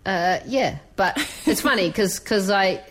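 A woman's voice: medium pitch, animated, a little slow, a bit bright. A young woman with a New Zealand accent talking casually, rambling with lots of "like" and "you know". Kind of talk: casual chat.

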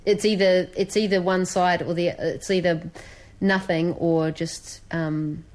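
Chatty New Zealand woman, low-pitched. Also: fairly even intonation, unhurried, darkish tone. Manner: chatty, rambling, frequent "like" and "you know". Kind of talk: casual chat.

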